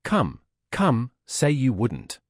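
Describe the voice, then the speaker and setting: A weary young woman, put on by a male narrator, pleads softly and tenderly. The voice is husky and lively in pitch. It is an audiobook figure. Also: slow pace, no echo, studio quality, exaggerated voice. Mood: pleading.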